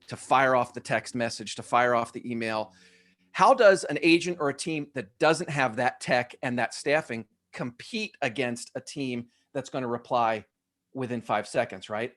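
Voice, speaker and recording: A man's voice: medium pitch, a bit bright. A man talking as a podcast guest, telling stories eagerly in casual chat, often restarting his sentences. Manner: eager storyteller, frequent restarts. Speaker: podcast guest, real estate editor.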